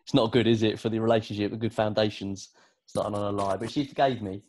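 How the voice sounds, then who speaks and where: This is a British man talking as a guest on a relaxed interview podcast. His voice sits a little low, and he tells his stories in a lively, rambling way, full of fillers and restarts. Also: quick pace. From Britain. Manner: chatty, animated storytelling with frequent fillers. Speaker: podcast guest, sports producer and presenter. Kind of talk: casual conversational interview.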